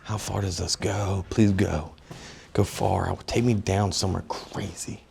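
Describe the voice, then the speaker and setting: Young dude vlogging into his phone on a stick, real low voice, hyped and joking, kinda out of breath. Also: a little slow, vocal fry. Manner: excitable and joking, swears, talks straight to viewers. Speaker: travel vlogger. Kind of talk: casual walking vlog talk. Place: outdoors and in stone tunnels of a sea fortress. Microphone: phone on a selfie stick.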